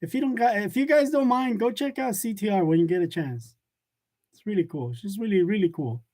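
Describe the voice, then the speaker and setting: A man's voice: high voice, a little fast, a little mellow. A man hosting a casual live chat from his workshop, reading comments aloud, joking and laughing often. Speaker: live-stream host of a print shop channel. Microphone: wireless lavalier.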